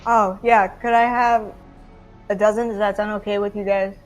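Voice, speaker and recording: A woman's voice: medium pitch, little pitch movement, moderate pace, faint music behind. A woman playing a tabletop game, casual and playful, joking with the group. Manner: playful, giggly, jokes around. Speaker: player.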